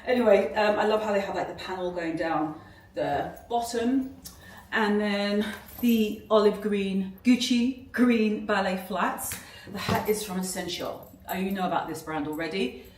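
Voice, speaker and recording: A young British woman chats to camera in a gushing fashion vlog, indoors and in a car, with lots of fillers. Her voice is medium-pitched and her pace measured. The recording sounds echoey and distant, with faint noise.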